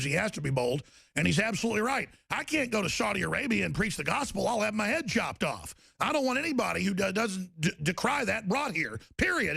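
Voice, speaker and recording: Talk host, angry rant, raspy fry-heavy voice, a bit high, dry close sound. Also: male voice, fairly bright tone, dry recording. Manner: angry, ranting, repetitive. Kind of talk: political talk show rant.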